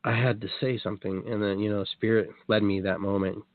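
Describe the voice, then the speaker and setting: A man hosting a show, telling a story in a casual, animated way, acting out what people said and swearing now and then. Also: fairly low pitch, brisk, no echo. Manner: animated, acts out quotes, swears. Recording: dry tinny phone-like line.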